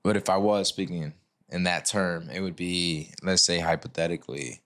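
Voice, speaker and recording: A man with a very low voice, a guest on a relaxed podcast. He talks in a reflective, casual way and takes his time with his thoughts. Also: normal speed.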